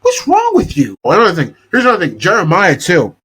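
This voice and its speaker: A young man hosts a podcast in an exasperated, casual rant, swearing freely. His voice is husky and sits a bit high, with wildly lively pitch swings. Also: fast, poor audio. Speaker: podcast host. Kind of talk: casual rant about a TV show.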